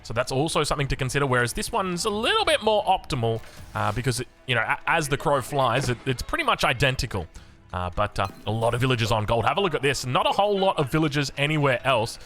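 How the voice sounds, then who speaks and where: An Australian man casting a strategy game, rambling excitably into anecdotes with lots of restarts. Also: mid-range voice, quick pace, faint music behind. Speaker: game caster.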